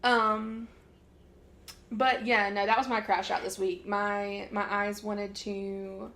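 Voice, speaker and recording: A woman's voice: medium pitch, little pitch movement, slow, a bit bright, slight background noise. A woman co-hosting a casual podcast chat, talking loosely with lots of "like" and frequent laughter. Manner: chatty, laughs often, lots of "like". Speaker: podcast co-host.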